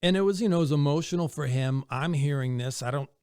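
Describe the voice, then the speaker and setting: A man's voice: fairly high pitch, fast talker, clean tone, dry recording. A man guest on a podcast, telling studio and tour stories casually, acting out what others said. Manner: animated storyteller, acts out quoted dialogue. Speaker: touring drummer, guest. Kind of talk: casual interview storytelling.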